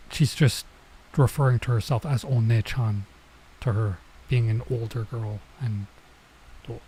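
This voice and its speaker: Guy reading manga on stream, slow and mellow, kinda husky, stops to explain stuff. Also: mid-range voice, low-quality recording. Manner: halting, explains as he goes. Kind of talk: casual live-stream reading and translating.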